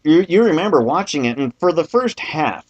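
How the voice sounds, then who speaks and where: A man's voice: a little high, sing-song, fairly quick, breathy edge, muffled recording. A man hosting a podcast in casual chat, joking and self-mocking and laughing often. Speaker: podcast host.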